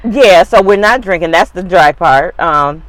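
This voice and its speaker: A woman co-hosting a podcast, chatting casually and telling stories in an animated, joking way. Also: fairly low pitch, dry recording. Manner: animated, quick, joking storyteller. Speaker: podcast co-host.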